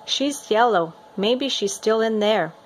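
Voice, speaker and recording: A woman's voice: on the high side, expressive, slow pace, slight background noise, poor audio. A woman voicing a worried young boy who anxiously asks after his cat. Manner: anxious questioning.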